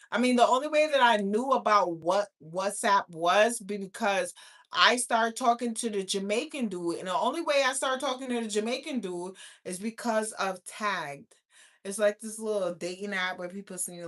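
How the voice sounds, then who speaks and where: A woman in her thirties telling a profane, animated storytime rant as a vlogger. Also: on the high side. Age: 30s.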